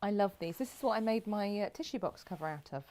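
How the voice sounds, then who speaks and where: A woman's voice: mid-range voice, expressive, fast, dark tone. A woman co-hosting a casual chat, easygoing and agreeable. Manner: easygoing, agreeable, chuckles along. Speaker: co-host.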